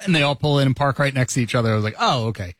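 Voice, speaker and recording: A man's voice: medium pitch, racing, fairly bright tone, faint music behind. A middle-aged man hosting a morning radio show, telling stories and laughing as he talks. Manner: storytelling, laughing often.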